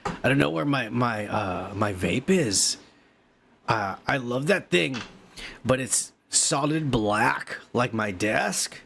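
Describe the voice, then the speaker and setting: A male podcast host, drunk and high, rambling through profane, joking commentary. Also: expressive, slow pace, creaky, fairly bright tone, slight background noise. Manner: profane, rowdy, jokey.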